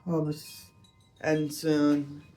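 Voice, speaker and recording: Slow, high-voiced earnest man. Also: monotone, dark tone, faint music behind. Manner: halting, searching for words, earnest. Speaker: vlogger. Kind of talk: personal reflective vlog.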